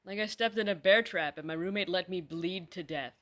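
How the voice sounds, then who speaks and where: A woman performing a comedy sketch, voicing several characters in sarcastic, deadpan banter with casual swearing. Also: fairly low pitch, a little fast.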